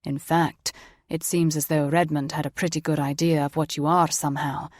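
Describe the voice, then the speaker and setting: Woman voicing a gruff male warrior, low and growly, dry booth sound. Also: little pitch movement, moderate pace, no room sound.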